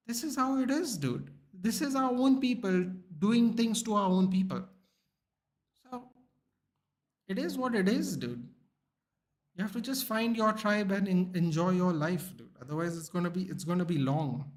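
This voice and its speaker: A man's voice: sits high, moderate pace. A young man, talking bluntly and swearing often as he chats with viewers on a live stream. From India. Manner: blunt and animated, swears often, calls people dude. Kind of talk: casual live-stream chat.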